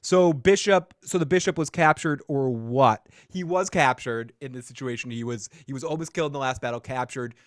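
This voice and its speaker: A man's voice: medium pitch, brisk, hardly any pauses, no room sound, studio quality. A man hosting a podcast, casually recapping a TV episode with joking, sarcastic asides. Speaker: podcast host.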